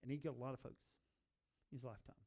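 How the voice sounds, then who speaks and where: A man's voice: mid-range voice, fairly even intonation, very fast, mellow, husky. A male pastor preaching a sermon, earnest and building to emphatic repeated phrases.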